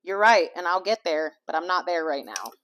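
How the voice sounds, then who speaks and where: A woman's voice: sits low, animated, a little fast, fairly bright tone, slight background noise. Rambling woman chatting while cooking. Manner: rambling, full of fillers and swearing. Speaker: vlogger and life coach. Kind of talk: candid casual chat while cooking. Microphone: small clip-on mic.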